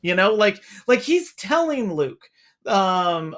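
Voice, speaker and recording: A podcast co-host in casual discussion, chatty and quick to quote lines in passing. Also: medium pitch, sing-song, fairly bright tone.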